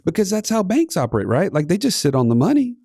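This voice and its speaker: A man in his thirties with a gravelly edge chats animatedly on a finance podcast, with a streak of playful sarcasm. The sound is dry and close, with no room around it. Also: sits high, huge pitch swings, quick pace, warm tone, no room sound. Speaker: podcast co-host. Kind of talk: casual finance podcast chat.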